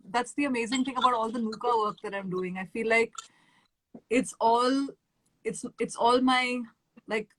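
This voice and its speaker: A woman's voice: a little high, fairly bright tone, no echo, poor audio. A woman with an Indian English accent, a musician guest in a casual live-stream chat, telling stories animatedly with lots of fillers and acted-out quotes.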